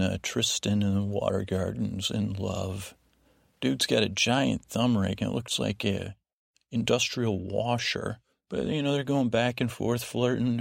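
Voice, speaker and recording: Brief: a male sleep-podcast host, low and very gravelly, rambling through a recap, dry close sound. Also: no room sound. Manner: meandering, tangential.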